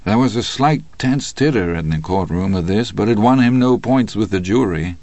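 A man reading an audiobook in a steady, even storytelling manner. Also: fairly low pitch, moderate pace, no echo. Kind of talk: audiobook narration.

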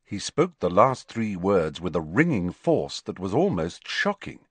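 Male audiobook narrator, low, lively intonation, unhurried. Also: breathy edge, no echo. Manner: slow, expressive storytelling.

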